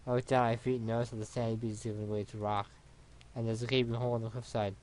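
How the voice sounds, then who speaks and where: A man reading a visual novel aloud for a let's play, in an even, unhurried way with small stumbles. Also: medium pitch, slight background noise.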